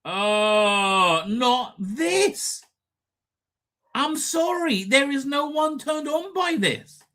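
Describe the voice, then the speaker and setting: Sarcastic, sharp-toned man ranting. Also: extremely high pitch, animated, drawn-out words. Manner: crude, sarcastic, exasperated, swears freely. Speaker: live stream host. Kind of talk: ranting reaction commentary on video clips.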